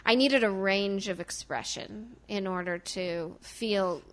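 A woman from small-town Illinois talking about acting in a casual conversation, emphatic and full of "like"s. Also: mid-range voice. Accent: southern Illinois, softened by accent training. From small-town Illinois, US Midwest. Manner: animated, emphatic, rapid run-on talk with many "like"s. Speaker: actor and guest.

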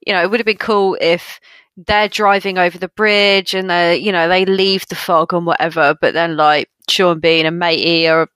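A woman co-hosting a podcast, chatting about a film in an animated way, full of fillers like "you know" and "like". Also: fairly low pitch, normal speed, clear, resonant tone, dry recording. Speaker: podcast co-host. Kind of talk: casual film discussion.

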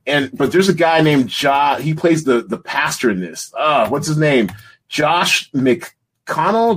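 Husky-voiced man chatting about movies. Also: mid-range voice. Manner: rambling, laughs often, trails off searching for names. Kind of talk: casual chat about movies.

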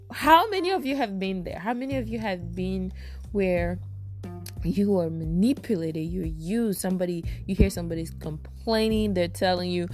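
A woman's voice: mid-range voice, dark tone. A woman hosting a self-help podcast, talking casually and emphatically to her listeners, repeating phrases for stress. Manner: talks straight to listeners as "you guys". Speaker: podcast host.

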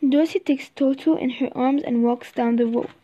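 A woman reading a children's storybook aloud, slow and halting, sometimes repeating words. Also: high-pitched, fairly even intonation, dark tone. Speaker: reader. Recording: slightly dull recording.

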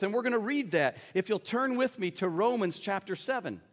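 A man preaching in a church hall, his voice sitting high and trailing off in a long reverb. He moves between reading scripture aloud and chatting directly with the congregation, often asking them whether they follow. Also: lively intonation, a little fast. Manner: conversational, addresses congregation with tag questions.

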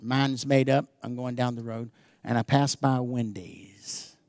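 A man's voice: medium pitch, steady tone, no echo. Emphatic preaching man, dry close sound. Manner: swings from loud emphatic preaching to hushed, slow intimate talk; calls out to the congregation with repeated "amen?". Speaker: pastor. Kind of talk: sermon.

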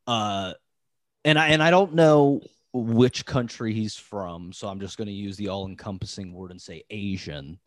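A man's voice: on the low side, normal speed, dry recording, clean studio sound. A man hosting a podcast, telling a story in casual chat, rambling with lots of "like" fillers and restarts. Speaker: podcast host.

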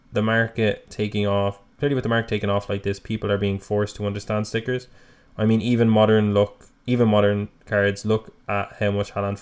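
Emphatic low-voiced male podcast co-host. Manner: animated, emphatic, quick to jump in. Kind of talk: casual chat.

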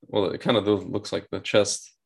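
A man's voice: on the low side, flat delivery, moderate pace, creaky, slight background noise. A man co-hosting a casual podcast, agreeable and blunt, who chimes in often. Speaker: podcast co-host.

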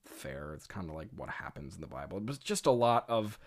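A man's voice: low voice, big pitch swings, brisk. Giggly man mocking his old script. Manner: giggly, frequent laughter and filler words; wry, self-mocking. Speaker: writer reviewing his own old script. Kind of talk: casual commentary.

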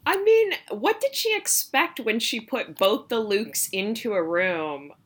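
A woman co-hosting a podcast, chatting casually and animatedly in a quick recap. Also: a little high, husky. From United States. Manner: animated, quick reactions, lots of "like". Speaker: podcast co-host.

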